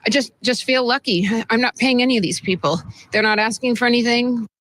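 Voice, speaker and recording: A woman's voice: on the high side, a little fast, a bit bright, no room sound, low-quality recording. A woman giving brief remarks to reporters while eating a snack. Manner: talking with food in her mouth. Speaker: defendant speaking to press.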